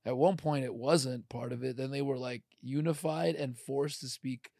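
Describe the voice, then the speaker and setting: A man's voice: medium pitch, steady tone, moderate pace, creaky, mellow, dry recording, clean studio sound. A man from Ukraine talking in a loose, rambling podcast chat, full of fillers. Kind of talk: casual chat.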